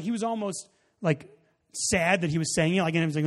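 A man preaching a sermon, telling a story in a loose, casual way with many fillers, then building to loud emphasis. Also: high voice, a little fast. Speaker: pastor. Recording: long hall reverb.

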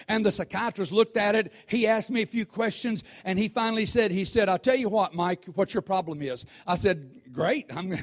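A man preaching a sermon, talking conversationally to the congregation and swelling into shouts. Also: sits high. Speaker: pastor.

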